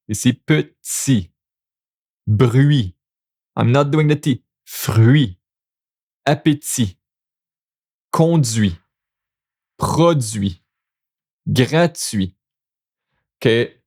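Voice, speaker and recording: Slow, gravelly Québécois man teaching. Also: medium pitch, expressive, a little mellow. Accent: Québécois French. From Quebec. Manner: patient, repeats example words, encouraging. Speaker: French teacher. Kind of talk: casual language lesson.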